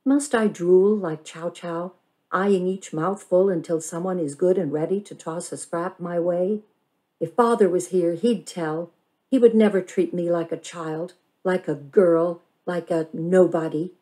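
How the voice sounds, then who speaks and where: A woman's voice: on the low side, unhurried, lightly acted, rough recording. A woman voicing an impatient, curious young girl who pleads and talks eagerly in a storybook reading. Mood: sulky. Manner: eager, pleading, rising excitement.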